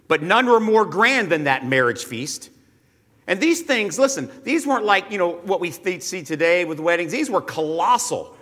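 A man's voice: a little high, pushed and bright, big-room sound. A middle-aged male pastor preaching a sermon in a conversational way, with asides and humor.

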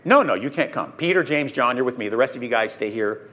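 Male preacher voicing Jesus: calm, tender, hushed, a little low. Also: quick pace, natural voice. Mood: firm.

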